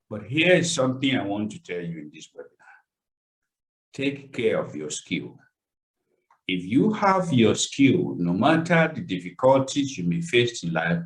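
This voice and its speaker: A man's voice: fairly low pitch, rough recording. A man presenting a webinar, earnestly telling a painful personal story with emotional swings; English is not his first language. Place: online webinar call.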